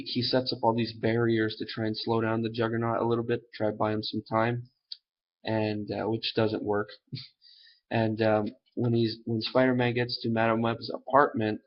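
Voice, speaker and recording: Rambling man recapping a comic, lo-fi. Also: medium pitch. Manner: loose and rambling, heavy on fillers and "and everything". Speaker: comic book reviewer. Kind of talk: casual rambling plot recap. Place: at home.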